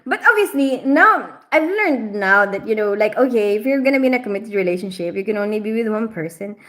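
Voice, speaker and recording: A woman's voice: mid-range voice, animated, brisk, a bit bright. A woman chatting casually on a livestream, rambling with lots of fillers and frequent giggles. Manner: rambling, heavy use of fillers.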